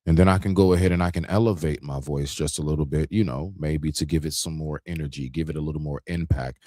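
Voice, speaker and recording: A man's voice: rumbling low, fast, few pauses, no echo, studio quality. A man co-hosting a talk stream, arguing his point in a heated, emphatic casual debate. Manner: animated, confrontational, emphatic, demonstrates raising his voice.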